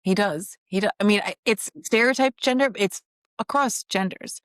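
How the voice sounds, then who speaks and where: In a relaxed podcast conversation, a female co-host speaks in a mid-range voice at a moderate pace, poking fun at herself and being frank while often restarting sentences. The recording is clean studio audio without any room sound.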